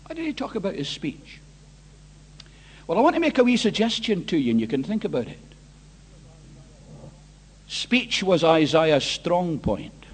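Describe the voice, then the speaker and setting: High-voiced man preaching slowly and earnestly. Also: sing-song, slightly rough. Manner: earnest, emphatic, repeats key phrases; addresses listeners directly with questions. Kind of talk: evangelistic sermon.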